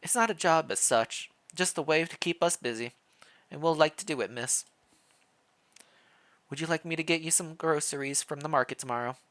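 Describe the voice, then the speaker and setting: A man voicing a kindly elderly female housekeeper, speaking gently and politely in a put-on foreign accent. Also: on the high side, normal speed, no echo, voice pushed up, close to an everyday voice.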